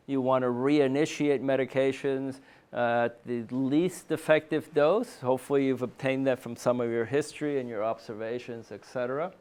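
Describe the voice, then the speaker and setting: Guy lecturing doctors at a meeting, smooth clear voice, chatty, keeps saying right?. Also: medium pitch, darkish tone. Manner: conversational, frequent "um" and "right?" tag questions. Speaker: psychiatrist presenting to a medical panel. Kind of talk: conference lecture. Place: meeting room.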